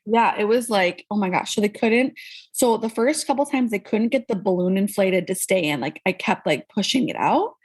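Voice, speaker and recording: Woman guest, husky voice, lively storyteller who mimics quoted people. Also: normal speed. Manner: animated, acts out quoted people with pitch jumps. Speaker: podcast guest. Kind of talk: casual conversational storytelling.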